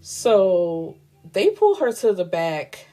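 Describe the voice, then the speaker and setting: A woman's voice: mid-range voice, sing-song, slow, dark tone, soft background music. A woman hosting a book show, recapping a novel's plot in a casual, frank and slangy way. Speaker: book reviewer host.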